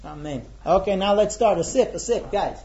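High-voiced man leading a group meal. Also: expressive, mellow, lo-fi sound, slight background noise. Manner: instructive, brisk, good-humored. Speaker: seder leader. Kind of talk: explaining and leading a ritual meal. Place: room with a group of guests.

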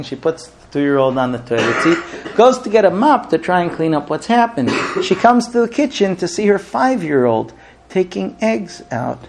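A man telling a story in a lively way, acting out scenes and sound effects. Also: a little high, a little hiss or hum. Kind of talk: animated storytelling.

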